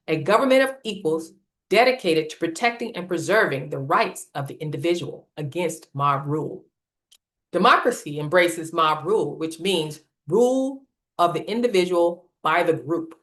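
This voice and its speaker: A woman presenting a scripted political lecture in a measured, emphatic reading style. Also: fairly low pitch, fairly bright tone. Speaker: series presenter.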